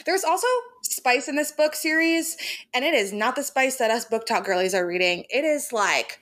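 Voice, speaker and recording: A woman's voice: sits high, moderate pace, fairly bright tone. A young woman co-hosting a podcast, chatting casually and gushing emphatically about a favorite book series, laughing often. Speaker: podcast co-host.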